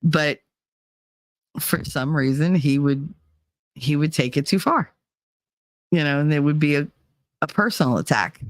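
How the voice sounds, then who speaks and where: A woman's voice: deep voice, measured pace, pauses often, no echo, studio quality. A woman hosting a casual chat show, telling stories in a blunt, profane way and laughing often. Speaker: podcast host.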